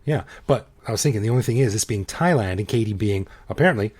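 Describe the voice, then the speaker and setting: A man with a lowish voice hosts a casual podcast. He sounds easygoing and playful and laughs often as he talks. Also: quick pace, darkish tone, breathy edge. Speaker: podcast host. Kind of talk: casual conversational podcast chat.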